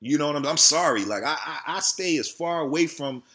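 A man's voice: a little high, lively intonation, a little fast, sharp tone, slightly rough. A man, ranting heatedly and profanely in a casual vlog about his channel. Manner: profane, heated, repetitive venting. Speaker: video creator.

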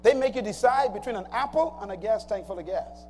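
A man's voice: sits high, expressive, a little fast, a little mellow. A man preaching a sermon, emphatic and calling out to the congregation. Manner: emphatic call-and-response preaching. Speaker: pastor. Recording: long hall reverb, faint noise.

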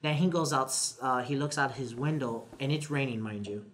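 A man's voice: medium pitch, brisk. A man co-hosting a casual podcast, animatedly recapping an anime episode and acting out the characters' lines. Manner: animated retelling, acting out quotes. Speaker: podcast co-host.

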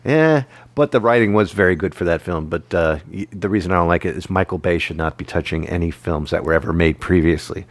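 A man's voice: low voice, a little fast, hardly any pauses, no room sound. A man in his forties co-hosting a film chat, trading teasing, joking banter in a casual way. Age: 40s. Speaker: podcast co-host.

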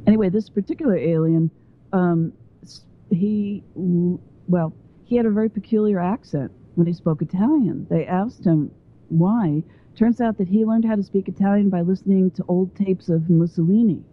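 A woman's voice: on the low side, normal speed. A woman guest on a phone interview who talks at length and wanders between points as she explains her ideas. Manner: talkative and digressive. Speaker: guest author. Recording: tinny phone line.

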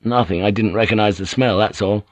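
A man's voice: lowish voice, brisk, no echo, natural voice. A man voicing a guarded ship's pilot who speaks hesitantly. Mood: uneasy. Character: uneasy English ship's pilot, male, adult.

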